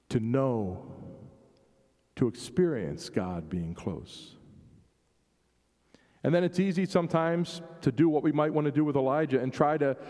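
A man's voice: mid-range voice, mellow. A man preaching a sermon in a reflective way, shifting his emphasis and acting out the questions he quotes. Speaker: pastor. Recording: long hall reverb.

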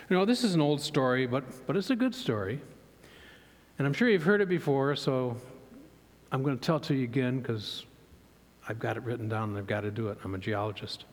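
A man's voice: mid-range voice, a little fast. A man giving a sermon, opening with a prayer and a joke, then speaking openly of his own struggles. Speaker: lay preacher. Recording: long hall reverb.

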